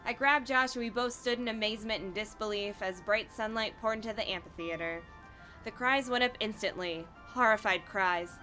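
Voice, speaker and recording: A woman reading a book aloud on a podcast, bored and deadpan sarcastic. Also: medium pitch, moderate pace, faint music behind. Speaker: podcast guest. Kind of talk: casual reading aloud with jokes.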